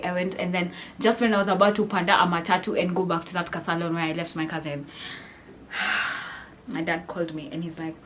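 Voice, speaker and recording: Animated young Kenyan woman vlogger. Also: on the low side, a little hiss or hum. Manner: animated, mixing English and Swahili slang, laughing often. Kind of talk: casual storytime vlog.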